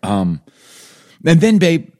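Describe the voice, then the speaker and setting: A man's voice: fairly high pitch, huge pitch swings, slow pace, dark tone. A man co-hosting a casual chat, telling stories loosely and leaning on filler words. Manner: loose, rambling storyteller, heavy on "like". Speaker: podcast co-host, father.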